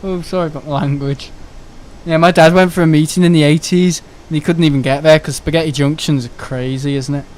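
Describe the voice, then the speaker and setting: A man's voice: a little high, fairly even intonation, fairly quick. A young man, chatting casually and rambling on a live stream, swearing and laughing often.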